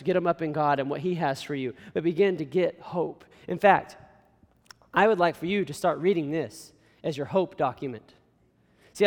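A young man preaching a sermon as pastor, earnest and exhorting, with folksy asides to the congregation. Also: sits high. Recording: long hall reverb.

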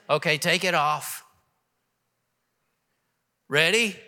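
A man's voice: fairly high pitch, a little slow, pauses often, pushed and bright, in a large hall. A pastor in his sixties preaching an emphatic sermon and leading the congregation in reciting verses. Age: 60s. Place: church hall with congregation.

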